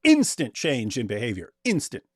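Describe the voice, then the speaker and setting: Man, casual political chat, talkative, laughs often, average pitch, dry close sound. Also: wildly swooping pitch, moderate pace, darkish tone, breathy edge, no echo. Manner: loose, chatty, laughs often, puts on mocking voices. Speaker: co-host.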